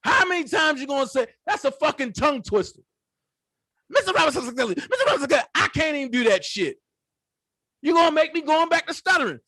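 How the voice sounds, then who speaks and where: High-pitched, bright-voiced man ranting. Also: brisk, no room sound. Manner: animated, profane, loud outbursts, mimics voices. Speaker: political commentary channel host. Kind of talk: profane live commentary.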